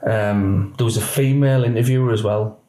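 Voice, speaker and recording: A middle-aged police officer being interviewed for a podcast speaks a little fast in a lowish voice, recounting events plainly. He acts out quoted voices as a lively storyteller, and the room has an echo.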